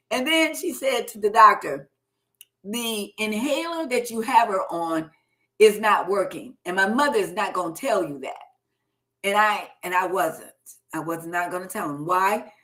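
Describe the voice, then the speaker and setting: A middle-aged woman hosts a live health show and tells her own story in an animated way. She slips into the doctors' calm voices and her own startled answers as she goes. Her voice sits in an ordinary middle range. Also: mid-range voice. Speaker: host.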